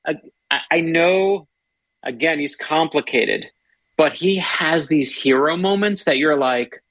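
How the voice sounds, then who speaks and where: A man's voice: fairly high pitch, expressive, measured pace, fairly bright tone, no room sound, poor audio. A man talking about history as an author guest in a casual interview, eager and storytelling, often restarting his sentences.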